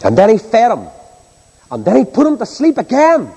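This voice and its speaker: A man's voice: very high-pitched, huge pitch swings, moderate pace, warm tone, breathy edge. A man preaching a sermon, asking the congregation rhetorical questions. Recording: long hall reverb.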